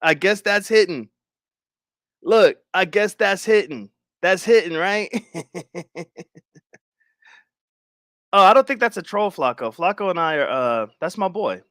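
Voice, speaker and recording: A young man talks to his stream chat in a loose, swearing way. His voice sits high and jumps all over the place. The sound is dry and close. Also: unhurried, pauses often, dry recording. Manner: animated, swearing, laughing, talking to chat. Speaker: livestream host.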